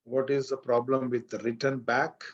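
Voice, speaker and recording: A man's voice: medium pitch, level tone, moderate pace. Indian man teaching English on muffled audio. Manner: explains with repetition and questions to the class. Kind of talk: classroom lecture.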